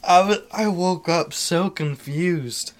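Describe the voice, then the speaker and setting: A man's voice: sits high, slow pace. A young man in casual chat, telling a funny story with frequent laughs. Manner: laughs often, animated storytelling.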